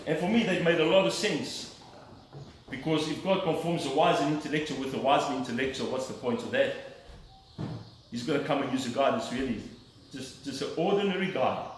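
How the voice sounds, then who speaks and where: A man's voice: medium pitch, fairly quick, very echoey, recorded from a distance, a little hiss or hum, rough recording. A middle-aged man giving an earnest, emphatic personal testimony from the pulpit of a church. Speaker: lay preacher giving testimony.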